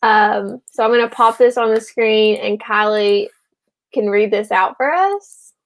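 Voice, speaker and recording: A woman co-hosting a casual live show, chatty and full of ums and quick laughs. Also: medium pitch. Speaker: co-host.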